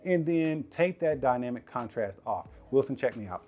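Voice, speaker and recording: A man's voice: medium pitch, lively intonation, moderate pace, a little mellow. A man casually reviewing a TV at home, chatty and slangy, talking straight to viewers and laughing often. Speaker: tech reviewer. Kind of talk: casual product review vlog. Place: living room at home.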